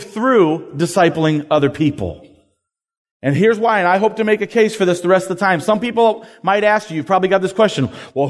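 A man giving an energetic, joking, conversational sermon to college students as a campus ministry speaker. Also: sits high. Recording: long hall reverb.

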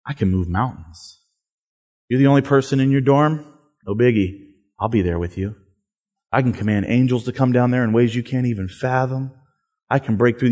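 A man voicing a gentle, reassuring Jesus giving a pep talk, speaking soft and low in a sermon. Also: close to an everyday voice. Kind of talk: sermon with acted quotes. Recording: long hall reverb.

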